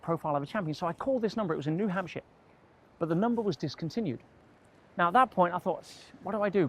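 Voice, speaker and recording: Animated man telling a story. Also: sits high, breathy edge. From England. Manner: animated, acts out dialogue in quoted voices. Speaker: motivational speaker. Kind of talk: storytelling to camera.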